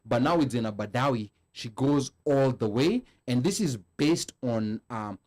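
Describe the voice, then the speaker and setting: A man's voice: medium pitch, animated, measured pace, darkish tone. A man from Kenya with a Nairobi accent, chatting casually on a panel show and reading out viewer comments, laughing often and restarting his sentences. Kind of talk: casual panel chat mixing English and Swahili.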